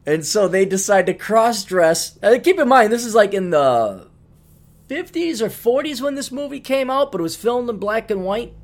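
A man's voice: high-pitched, sing-song, normal speed. A middle-aged man hosting a podcast, telling a rambling story in a casual monologue with many restarts. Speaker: podcast host.

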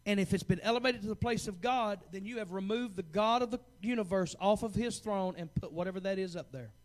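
A man in his forties preaching a fervent sermon as pastor, swinging from hushed asides to loud, urgent calls. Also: high-pitched, fairly quick. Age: 40s.

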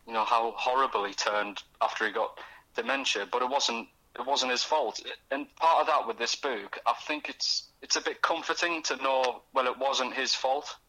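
A young man, a guest author talking in a casual radio interview, halting and restarting as he acts out voices in his stories. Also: medium pitch, bright, forceful tone, rough recording. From North East England. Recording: radio studio.

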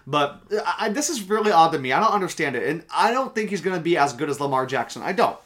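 A man's voice: on the high side, animated, fast talker, a bit bright. A young man co-hosting a casual sports podcast, emphatic and opinionated, swearing now and then. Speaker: podcast co-host.

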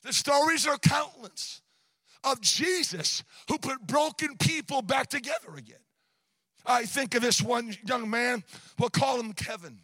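High-voiced guy preaching, bright and a bit husky, shouts and sings his lines, dry sound. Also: expressive, unhurried, dry recording. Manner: shouting, sing-song preaching cadence with repeated words. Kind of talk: sermon. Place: church.

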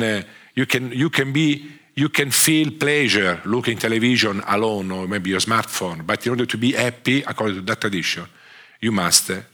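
A man with an Italian accent giving a conference lecture, speaking haltingly with frequent restarts and fillers. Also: fairly low pitch, bright, forceful tone. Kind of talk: conference talk.

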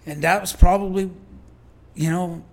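A man's voice: sits high, fairly even intonation, moderate pace. A man from Canada, a guest in an interview, speaking candidly in an earnest, reflective way with frequent restarts.

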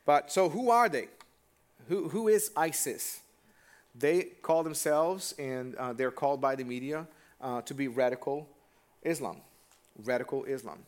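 Casual preacher man, mid-pitched. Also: unhurried. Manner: casual and direct, asks the congregation questions. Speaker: pastor. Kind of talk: conversational sermon.

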